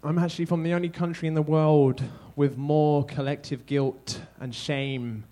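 Self-deprecating English stand-up comedian. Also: male voice, fairly high pitch, level tone, moderate pace, dark tone. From England. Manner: self-deprecating, punchy and conversational.

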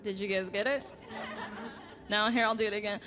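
A woman in her late twenties doing a stand-up set on a club stage, halting and laughing at her own jokes. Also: medium pitch, steady tone, pushed and bright, a faint crowd. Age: late 20s. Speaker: stand-up comedian. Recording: reverberant club room with faint music.

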